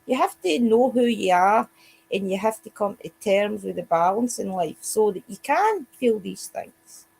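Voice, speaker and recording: A woman's voice: medium pitch, expressive, a little slow, gravelly, a little mellow, husky. A Scottish woman co-hosting a casual spiritual chat show, talking straight to her listeners. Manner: chatty, addresses listeners directly. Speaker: co-host.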